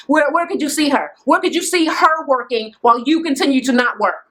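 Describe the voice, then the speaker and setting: A woman with a fairly high voice rants her way through a reality TV recap. She is blunt and sarcastic, swears freely, and laughs at her own jabs, like a casual chat with a camera. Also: a little fast, few pauses, a bit bright. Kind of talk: casual ranting recap commentary.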